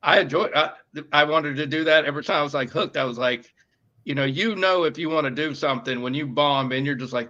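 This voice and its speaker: Fairly quick and sharp-toned, his slightly high voice carries a New York accent from the northeastern United States. As producer and co-host of a podcast, he chats casually, rambling with plenty of fillers and restarts, over dull lo-fi audio.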